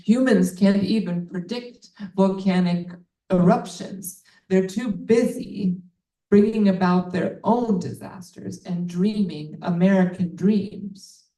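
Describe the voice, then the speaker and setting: A woman author reading her own writing aloud at a bookstore event, deliberate and earnest, with casual asides. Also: mid-range voice, mellow, echoey room, far from the mic, rough recording.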